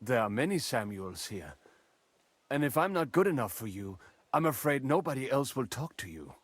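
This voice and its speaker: A man's voice: medium pitch, sing-song, moderate pace, husky, no echo. An actor voicing a suspicious, bitter man in a game, who speaks curtly and guardedly. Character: wary, bitter adult male Jewish townsman. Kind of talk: game dialogue.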